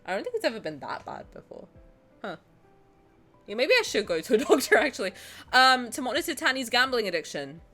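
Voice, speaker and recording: A woman's voice: medium pitch, fairly bright tone. A woman live-streaming her gacha pulls, chatting with her viewers, cooing at game characters and shrieking in mock protest, swearing freely. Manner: playful, coos at game characters.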